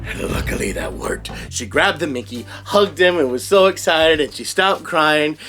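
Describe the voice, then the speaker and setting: A man recounts a funny story straight to camera in a vlog, laughing often as he goes. His voice is bright and clear, and it swings widely up and down in pitch. Soft music plays faintly under his talk. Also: expressive, normal speed. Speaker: voice impressionist and vlogger.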